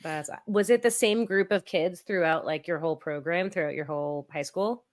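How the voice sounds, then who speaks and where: Female podcast host with a lowish voice, friendly, asks relaxed follow-up questions. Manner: friendly, laughs along, quick follow-up questions. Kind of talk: casual interview.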